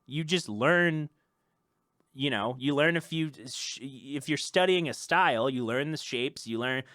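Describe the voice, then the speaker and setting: A man's voice: mid-range voice, unhurried, fairly bright tone, no echo, clean studio sound. A young man hosting his own podcast, ranting off the cuff with laughter and exasperation. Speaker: podcast host and musician.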